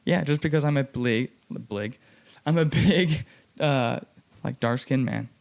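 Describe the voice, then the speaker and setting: A man's voice: mid-range voice, measured pace, creaky. A young man hosting a podcast, telling a story in casual chat and acting out the people he quotes, with many fillers. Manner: animated, acts out quoted voices, many "like" fillers.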